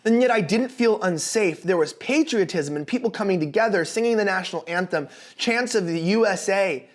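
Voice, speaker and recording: A young man hosting a casual commentary show, talking in an animated, sarcastic way with frequent restarts. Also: high-pitched, fairly quick. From United States. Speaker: political commentary host.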